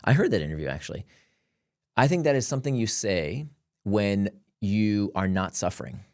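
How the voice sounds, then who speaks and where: Animated man with a dry close sound. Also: fairly low pitch, normal speed, dry recording. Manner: animated, laughs between points. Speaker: guest author. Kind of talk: conversational explaining.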